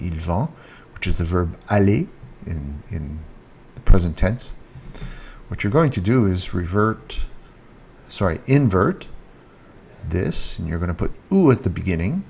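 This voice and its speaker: A man giving a casual French lesson, speaking slowly, repeating each French word and stressing it, recorded on a handheld mic. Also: sits low, creaky, darkish tone, a little hiss or hum. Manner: slow, repeats French words with rising emphasis. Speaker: French teacher. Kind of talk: casual online language lesson. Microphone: handheld mic with earphone monitor.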